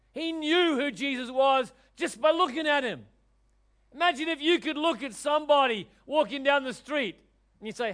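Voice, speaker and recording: A man. He brings quoted voices to life and swings from loud proclamations to soft, confiding asides. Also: extremely high pitch. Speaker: preacher. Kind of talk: sermon.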